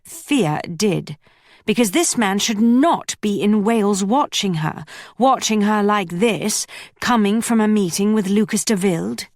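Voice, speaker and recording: Female audiobook narrator, measured and steady, dry close recording. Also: mid-range voice, no room sound. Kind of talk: scripted narration.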